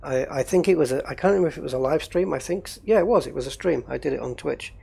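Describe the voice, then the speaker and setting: A man's voice: fairly high pitch, fast talker, gravelly, darkish tone, husky. A man running a gaming livestream, rambling casually and thinking aloud while he troubleshoots.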